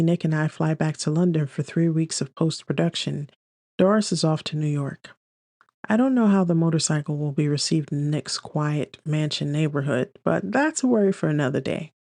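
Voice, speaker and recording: A woman's voice: sits low, warm tone, no room sound, clean studio sound. A woman narrating a first-person romance audiobook in a wry, dreamy inner-monologue manner.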